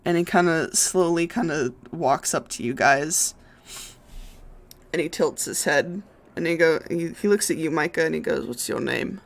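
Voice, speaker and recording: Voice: mid-range voice, normal speed. A game master narrating a tabletop game on a stream, hesitant and full of filler words as they describe the scene. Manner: hesitant, many fillers and restarts.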